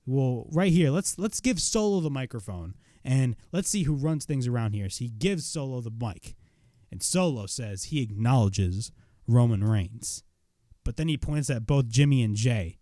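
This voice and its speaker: A man retelling a wrestling show in a casual, excitable recap, swearing freely as he goes. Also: mid-range voice, moderate pace, dry recording, clean studio sound.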